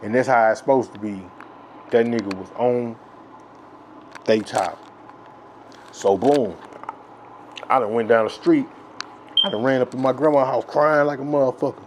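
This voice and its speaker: A man from Texas telling a childhood story in a rambling, profane, filler-heavy way that grows loud and excited with laughs. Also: mid-range voice, moderate pace, long pauses, highs cut off, slight background noise. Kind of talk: casual storytelling.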